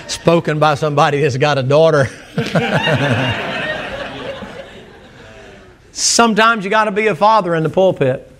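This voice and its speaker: A man's voice: on the high side, wildly swooping pitch, takes it slowly, long pauses, background noise. A man preaching a sermon, folksy and joking, calling out to the congregation for responses. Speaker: pastor.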